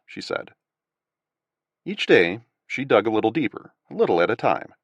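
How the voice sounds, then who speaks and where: Guy narrating an audiobook, animated pitch, dry close mic. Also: moderate pace, long pauses, dry recording. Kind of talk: scripted narration.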